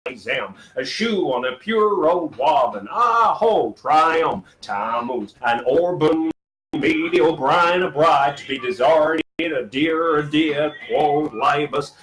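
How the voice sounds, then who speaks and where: A man giving a theatrical, sing-song reading of a literary text in a live performance. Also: medium pitch. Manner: slow, incantatory, sing-song delivery. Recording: echoey room with music behind, live stream.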